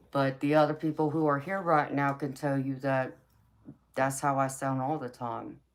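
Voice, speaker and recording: This woman, a tarot reader hosting a late-night live chat, speaks in a low rasp with fairly even intonation and a measured pace. She reads out comments from her audience and replies warmly and sassily, calling them baby, her mouth slightly dry after talking so long.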